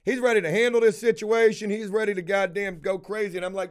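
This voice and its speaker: A man's voice: high-pitched, fast, hardly any pauses, clear, resonant tone. A man streaming live, telling a story in a casual way. He swears a lot and keeps breaking off to call out viewers in the chat. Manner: profane and animated, calling out viewers in the chat.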